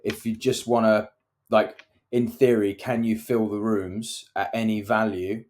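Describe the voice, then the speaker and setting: A man with a somewhat low voice co-hosts a property podcast from the UK. He talks in a loose, chatty way and tells anecdotes about site visits. He acts out the people he quotes as he goes. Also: level tone, measured pace, darkish tone. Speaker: podcast co-host, property developer. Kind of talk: casual chat.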